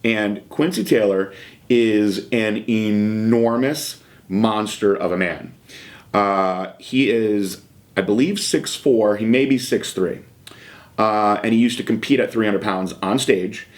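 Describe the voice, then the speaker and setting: Frank, low-voiced man telling a story. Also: slow. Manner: frank, conversational, filler-heavy. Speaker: podcast host. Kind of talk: casual storytelling monologue.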